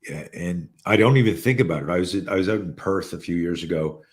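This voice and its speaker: A man in his sixties with a very low, deep voice tells stories in a relaxed podcast chat. He stumbles and repeats words as he restarts sentences, then brightens when he acts out what other people said. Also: fairly quick. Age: 60s. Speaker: guest. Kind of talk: casual storytelling.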